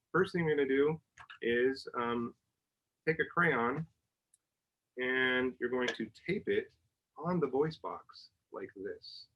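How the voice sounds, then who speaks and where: A man's voice: mid-range voice, highs cut off. A man, a university professor, patiently walking children through a hands-on science demonstration at home, singing notes and making vocal sounds to show how they work. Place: family home.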